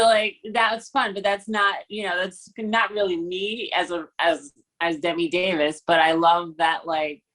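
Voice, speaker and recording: A young actress chats loosely over a video call, filling her sentences with ums and you-knows. Her voice sits a little low for a woman, and she laughs easily between thoughts. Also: fairly bright tone, poor audio. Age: young adult. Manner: chatty, many fillers, laughs often. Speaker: actress guest. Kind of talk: casual interview chat.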